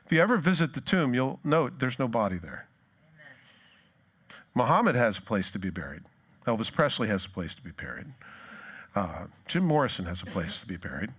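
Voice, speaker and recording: Storytelling male pastor preaching. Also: medium pitch. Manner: animated storytelling, acts out quoted lines. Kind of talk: sermon.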